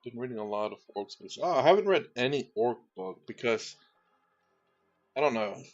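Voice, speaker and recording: A man's voice: mid-range voice, animated, moderate pace, darkish tone, faint music behind. A man streaming as he paints miniatures, chatting casually with viewers in a rambling, easygoing way with many fillers and restarts. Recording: dull, slightly lo-fi sound.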